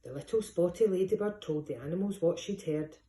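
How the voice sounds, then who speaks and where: A woman, a teacher, reading a rhyming picture book aloud in a lively, sing-song way. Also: on the low side, brisk, a little hiss or hum. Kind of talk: storybook read-aloud. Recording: echoey room.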